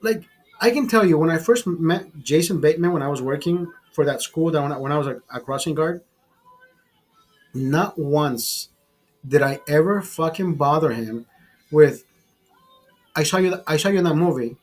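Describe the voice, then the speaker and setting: A middle-aged man telling rambling, profanity-laced stories in a casual vlog, pausing and restarting as he talks. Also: a little high, faint music behind, rough recording. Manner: profane, rambling, animated storyteller. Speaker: vlogger. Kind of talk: casual storytelling over a beer.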